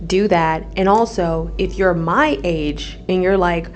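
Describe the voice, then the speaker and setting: A woman's voice: fairly low pitch, unhurried. Chatty young woman giving blunt advice. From American Midwest. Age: 20s. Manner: chatty, blunt, swears freely, repeats "okay?". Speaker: podcast host. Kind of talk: casual solo vlog advice.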